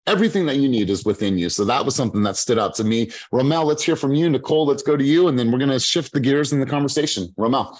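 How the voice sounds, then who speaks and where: A man's voice: mid-range voice, fast, few pauses. A man leading a sales team meeting as coach, talking emphatically in a preachy, repetitive way. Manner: emphatic, preachy, fond of repeating himself. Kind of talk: motivational coaching talk.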